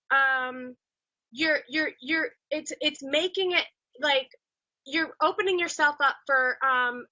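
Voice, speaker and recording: High sharp-voiced woman guest on a livestream, halting, keeps restarting, dry muffled audio. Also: no echo. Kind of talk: live social media chat.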